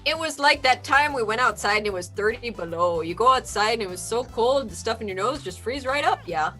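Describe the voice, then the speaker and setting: A woman's voice: fairly high pitch, animated, a little fast, bright, forceful tone, soft background music. A woman putting on a cheerful folksy Minnesotan character with an exaggerated Minnesota accent and a broad, drawling delivery.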